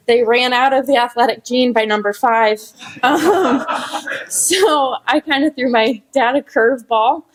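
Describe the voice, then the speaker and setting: A young woman with a fairly high voice gives a personal tribute at a ballroom gathering. She laughs softly through her emotion and pauses often on fillers. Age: young adult. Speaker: speaker at a memorial honoring her father. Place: hotel ballroom event.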